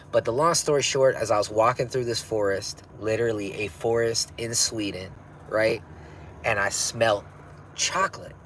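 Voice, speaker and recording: A man's voice: lowish voice, fairly bright tone, a little hiss or hum, poor audio. A man in his thirties hosting a casual livestream, talking in a laid-back, rambling way full of slang and swearing. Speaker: livestream host.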